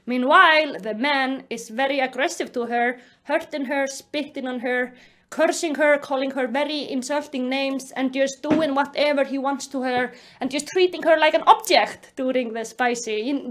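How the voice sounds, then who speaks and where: Very high-voiced excitable Icelandic woman. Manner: sarcastic, excitable, bursts into loud exclamations. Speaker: book reviewer. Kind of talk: casual comedic book review. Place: home room with pets.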